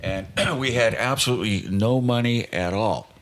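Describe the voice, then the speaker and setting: Older man telling animated stories. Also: fairly low pitch, normal speed, a little hiss or hum. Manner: animated, acts out the voices of people in his stories. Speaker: guest guitarist. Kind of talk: casual storytelling.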